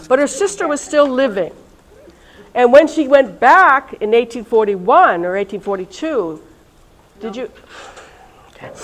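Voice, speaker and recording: A woman, a religious sister, leading a reunion session in a chatty, lively way and talking straight to her audience. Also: sits high, poor audio. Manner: chatty and lively, talks directly to listeners. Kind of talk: informal talk to a live audience. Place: college event room.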